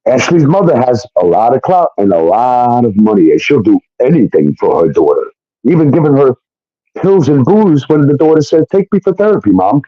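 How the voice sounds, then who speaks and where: Animated man, storytelling. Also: medium pitch, moderate pace, dry recording. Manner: animated, acts out quoted voices, swears often. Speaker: show guest telling his story. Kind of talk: profane storytelling monologue. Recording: dull lo-fi stream audio.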